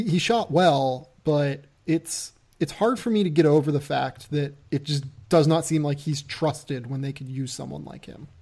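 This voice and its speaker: A podcast host with a dark-toned voice on the high side chats loosely and casually about basketball draft prospects, laughing at himself.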